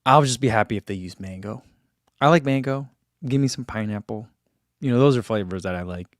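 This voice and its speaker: This running-channel host speaks in a lowish voice, a little on the fast side, while casually chatting through live comments with lots of filler words. The recording is dry and studio-clean.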